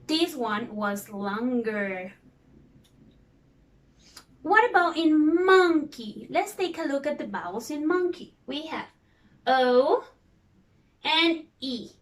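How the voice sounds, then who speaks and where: A woman teaching a lesson for young learners, patiently repeating words and spelling out their vowels. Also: high-pitched. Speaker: English teacher.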